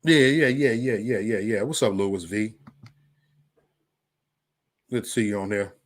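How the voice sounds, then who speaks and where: A man's voice: on the low side, a little slow. Profane, heated man ranting on a livestream. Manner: profane, heated, repetitive, stammers into restarts; reads out live chat comments. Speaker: livestream host. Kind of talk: angry livestream rant.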